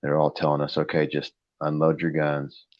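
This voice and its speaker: A man's voice: a bass voice, monotone, moderate pace, dry recording, muffled recording. A man telling a long story in a blunt, rambling way, repeating "I go" over and over as he retells it. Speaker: host of a live chat stream. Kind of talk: casual storytelling.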